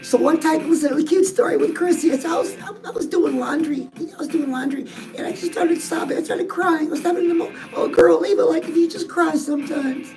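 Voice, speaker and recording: A woman's voice: high voice, a little fast, hardly any pauses, dark tone, low-quality recording. A woman dating coach talking straight to her audience in a chatty, sassy way. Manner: chatty, sassy, calls listeners "girls". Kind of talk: direct-address advice talk. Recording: music playing behind the voice.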